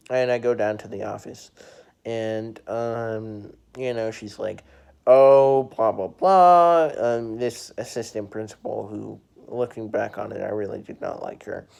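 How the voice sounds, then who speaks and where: Halting young storytime vlogger. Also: mid-range voice, vocal fry, darkish tone. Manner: halting, many fillers and restarts, laughs at own story. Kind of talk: casual storytelling.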